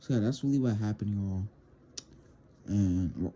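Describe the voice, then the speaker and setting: A man's voice: lowish voice, measured pace, dark tone, dull audio. A teenage boy telling a rambling storytime to his viewers, stammering and repeating words as he goes. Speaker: vlogger. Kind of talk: casual storytime monologue.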